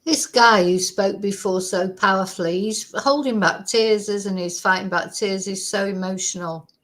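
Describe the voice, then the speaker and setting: A woman's voice: mid-range voice, normal speed, a bit bright. Chatty woman commentating. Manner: chatty, rambling, frank. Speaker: host. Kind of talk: casual live commentary.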